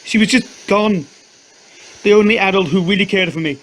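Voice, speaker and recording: A man voicing a distraught young wife who screams and yells in fury. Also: normal speed, low-quality recording. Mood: desperate. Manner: shrill screaming and yelling.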